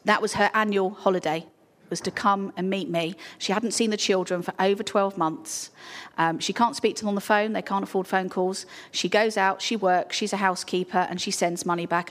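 A woman's voice: mid-range voice, steady tone, a little fast. A woman giving an informal, earnest talk to a church congregation, full of ums and restarts. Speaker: charity speaker at a church.

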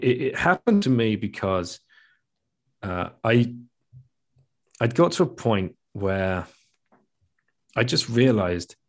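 Reflective middle-aged man telling his story. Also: on the low side. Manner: reflective, with frequent restarts and laughs. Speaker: guest, author and podcast host. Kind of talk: candid conversational storytelling.

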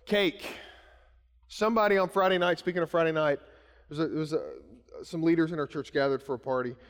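A man's voice: high-pitched, long reverb tail. A male pastor in his thirties, preaching a conversational sermon full of anecdotes and restarts. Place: church sanctuary.

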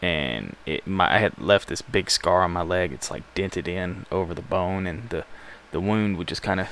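A man's voice: low-pitched, normal speed, fairly bright tone, a little hiss or hum. A man from Alabama, hosting a music show in a rambling, laid-back, self-deprecating way. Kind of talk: casual radio show chat.

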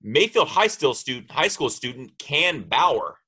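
A man's voice: mid-range voice, big pitch swings, unhurried, bright, forceful tone, husky. A man co-hosting a casual podcast chat, rambling and trailing off mid-sentence. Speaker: podcast co-host.

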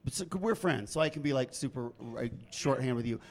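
A man judging a comedian's set, giving playful, teasing notes with quick asides. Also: medium pitch. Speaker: comedy judge. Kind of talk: lively critique of a comedian.

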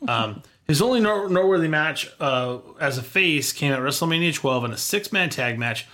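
A man's voice: a little high, animated, normal speed, sharp tone. A man hosting a casual chat show, reading prepared notes and dropping wry quips. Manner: wry, reads facts with quips. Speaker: podcast host.

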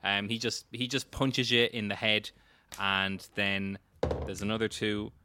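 A man's voice: lowish voice, little pitch movement, measured pace, background noise. A man, running a tabletop game as game master, joking and laughing often.

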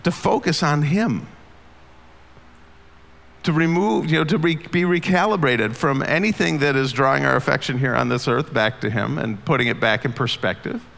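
A man's voice: medium pitch, moderate pace, gravelly, fairly bright tone. A man preaching a sermon as pastor, earnest and conversational, asking the congregation questions. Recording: long hall reverb.

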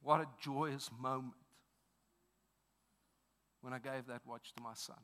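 A man in his thirties with a South African accent preaching a sermon, telling a personal story earnestly and swinging from hushed to loud. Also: medium pitch, fairly even intonation, measured pace. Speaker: pastor.

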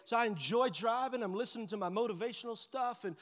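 A man preaching in a church sanctuary, his fairly high voice carrying a long reverb from the big hall. He tells a funny story with animated energy and drops to a hush whenever he voices his own thoughts. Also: quick pace. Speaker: pastor. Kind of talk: sermon with humorous storytelling.

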